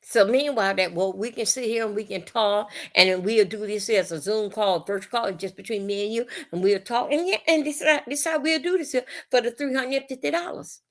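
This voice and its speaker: Woman host, casual livestream rant, blunt and profane, slightly high voice, animated delivery. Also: brisk, few pauses. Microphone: phone or webcam on livestream.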